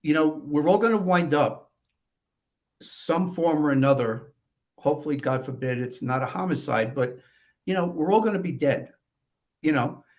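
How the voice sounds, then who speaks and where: A man's voice: on the high side, normal speed. A man from New York, a guest on a podcast, telling stories from death investigations in a matter-of-fact way, often adding "you know.". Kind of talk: casual storytelling conversation.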